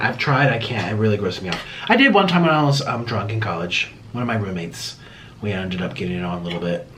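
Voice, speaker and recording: A man chatting casually through a mukbang eating vlog, dramatic and swinging between low mumbles and excited yelps. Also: background noise. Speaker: mukbang vlogger.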